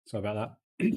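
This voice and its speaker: A man's voice: on the low side, warm tone, husky. A man hosting a live trading stream, talking through market moves in a chatty, rambling way with lots of fillers and restarts, over a faulty mic.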